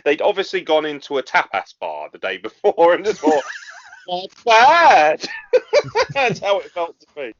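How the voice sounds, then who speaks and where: A man hosting a casual podcast review, sweary and animated, often laughing. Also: on the high side, normal speed, highs cut off, slight background noise. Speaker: podcast host.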